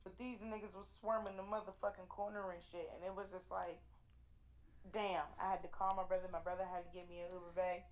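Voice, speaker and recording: A woman's voice: lowish voice, level tone, brisk. Blunt, profane young woman telling a story. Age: 20s. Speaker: interview guest, dancer. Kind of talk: casual storytelling in an interview.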